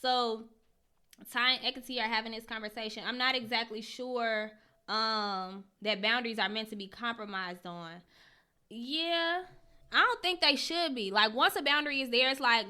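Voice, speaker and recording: On her casual livestream, a young woman reads viewers' comments and answers them straight, addressing each by name with slangy, candid talk and plenty of swearing. She speaks at normal speed in a higher, sharp yet smooth voice.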